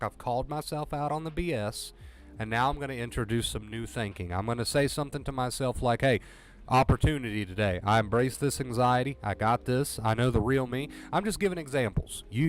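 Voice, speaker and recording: On a livestream, a man with a middle-pitched, slightly mellow voice speaks directly to viewers about recovering from anxiety. His pep talk is earnest and blunt, and he repeats his points to drive them home while faint music plays behind him.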